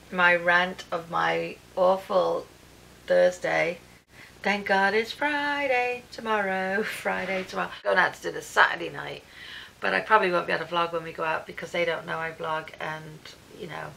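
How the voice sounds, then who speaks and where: Gravelly bright-voiced British woman vlogging. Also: lowish voice, slight background noise, poor audio. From Britain. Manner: chatty, animated storytelling with reported speech. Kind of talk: casual vlog rant recounting her day. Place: at home. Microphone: camera.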